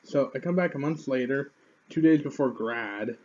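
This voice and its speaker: A man's voice: medium pitch, normal speed, darkish tone, muffled recording. A man in his twenties, a YouTuber, telling a rambling, profane story to the camera in an offhand way.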